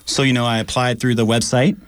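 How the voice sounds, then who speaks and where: A man's voice: medium pitch, fairly quick, no echo. Chatty man in a dry radio studio. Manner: animated storyteller, chatty with fillers. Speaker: radio apprentice co-host. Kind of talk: casual radio chat.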